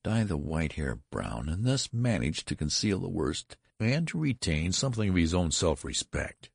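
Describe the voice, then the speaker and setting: Deep gravelly dude reading a story aloud, lively delivery, husky, dry sound. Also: male voice, no room sound. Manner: dramatic, expressive storytelling. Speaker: narrator.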